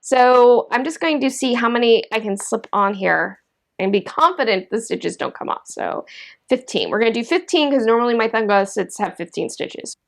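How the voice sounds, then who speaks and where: High-voiced excitable woman knitting host. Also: moderate pace, creaky. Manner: enthusiastic and gushing, with frequent exclamations. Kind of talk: casual demonstration chat.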